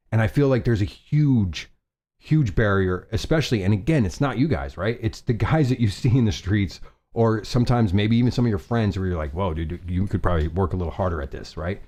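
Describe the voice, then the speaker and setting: A man's voice: lowish voice, darkish tone. A man hosting a casual fashion live stream, chatty and rambling, often restarting and laughing at himself.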